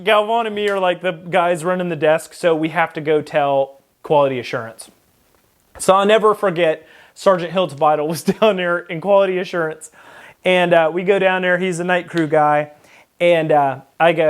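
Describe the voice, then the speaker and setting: A man with a high-pitched voice tells a personal story in a loose, rambling way. He swears freely and acts out the lines people spoke along the way. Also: normal speed. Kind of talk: casual personal anecdote.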